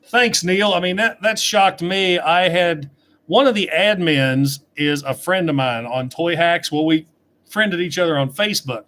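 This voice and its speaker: He's a middle-aged man reviewing toys on a livestream, taking viewer questions at his desk webcam in an easygoing way. His voice leans high, a little bright, and never rushed.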